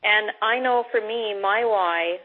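A middle-aged woman from Canada giving a motivational talk as a guest speaker, loud, direct and upbeat. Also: medium pitch, slow, husky. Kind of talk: motivational talk on a conference call. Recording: phone-line conference call.

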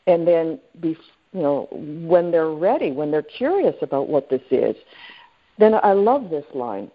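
A woman with a lowish voice coaches a group on a conference call, talking loosely with plenty of fillers and checking in with her listeners. Her voice comes through a tinny, phone-like line. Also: animated, unhurried. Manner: chatty, with many fillers and friendly questions to the group. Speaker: sales trainer leading a group call.

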